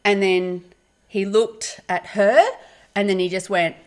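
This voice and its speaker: A woman in her fifties co-hosting a chat show, telling stories from her youth in a casual, animated way with frequent laughs. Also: medium pitch, slow, smooth. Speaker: podcast co-host.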